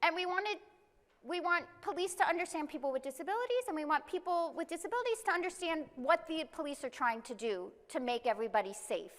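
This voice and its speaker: A woman giving a live presentation to an audience, explaining things step by step and reading example statements aloud slowly. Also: sits high, animated, a bit bright, long reverb tail. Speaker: conference presenter. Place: conference room.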